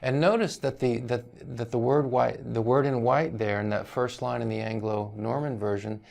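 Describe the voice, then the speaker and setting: A man's voice: medium pitch, fairly even intonation, moderate pace, vocal fry, a little mellow. A male university teacher giving a lecture on language history, explaining patiently, often checking in with "right?" and hedging over foreign pronunciations.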